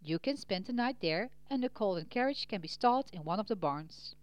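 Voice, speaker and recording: A woman reading a storybook voices a polite male coachman who speaks in a measured, courteous way. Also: medium pitch, expressive, no echo, close to an everyday voice. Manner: polite and measured, quietly warning.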